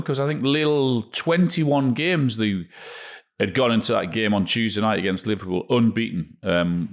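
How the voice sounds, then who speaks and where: A man, co-hosting a football podcast and giving plain, measured analysis. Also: fairly low pitch. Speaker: podcast co-host. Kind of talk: casual football podcast chat.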